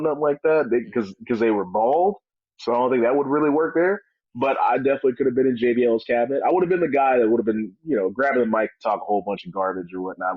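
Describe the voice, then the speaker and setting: A man with a fairly low voice chats casually as an interview guest, spinning jokes and animated stories. The sound is dry and close, with a dull, slightly muffled quality. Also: no room sound. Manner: joking, animated storytelling with comic voices. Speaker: wrestler guest.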